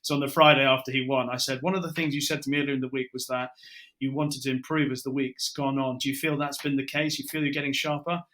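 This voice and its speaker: Bright-voiced British man telling stories. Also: mid-range voice, fast. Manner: lively storyteller, acts out his own quotes. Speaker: broadcaster guest. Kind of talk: casual podcast chat, anecdotes.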